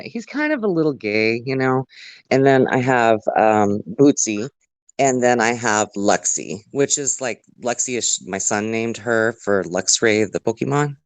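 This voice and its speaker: A woman's voice: rumbling low, no echo. A woman from Germany with German as her first language, chatting casually and rambling with lots of likes and you knows in a group voice chat. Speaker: voice chat participant. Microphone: online voice chat mic.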